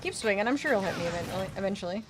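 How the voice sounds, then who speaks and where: A woman's voice: medium pitch, lively intonation, very fast, background noise. A woman streaming a video game, chatting casually, reading out and answering her chat and swearing now and then. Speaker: VTuber streamer. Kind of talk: casual live-stream gameplay commentary.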